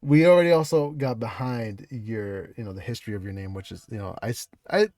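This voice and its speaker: A man's voice: fairly low pitch, brisk, a little mellow, dry recording. A man hosting a casual interview over a video call, laughing often and talking loosely with plenty of fillers and swearing. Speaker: podcast host.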